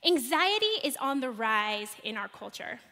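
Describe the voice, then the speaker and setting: A high, bright woman's voice preaches to a congregation, swinging between lively storytelling and hushed questions. The sound carries a long reverb from a large hall. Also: a little slow. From United States. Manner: animated storytelling, asks the room questions. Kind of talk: sermon.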